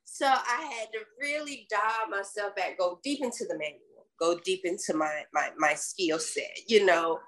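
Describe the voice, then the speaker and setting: A middle-aged co-host from the American South, speaking with a Southern accent, reflects in casual podcast conversation, telling warm-hearted stories full of folksy phrases. Her voice is medium-pitched at a moderate pace, and the audio is poor.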